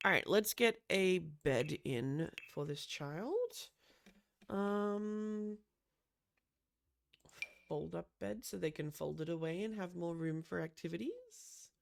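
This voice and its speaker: A woman's voice: lowish voice, slow pace, gravelly. A woman chatting casually with lots of gasps and "um"s as she builds a room in a life-sim game. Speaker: Sims builder. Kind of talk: casual gameplay commentary.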